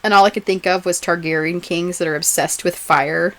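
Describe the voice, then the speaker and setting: A woman's voice: fairly low pitch, fairly even intonation, brisk, fairly bright tone. A woman co-hosting a podcast, chatting casually and often laughing as she recaps a TV episode. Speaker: podcast co-host.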